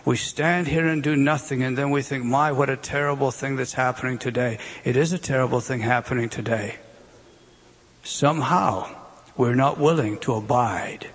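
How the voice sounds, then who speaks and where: A man's voice: mid-range voice, steady tone, moderate pace, slightly rough. A man preaching a sermon with emphatic delivery and rhetorical questions. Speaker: pastor.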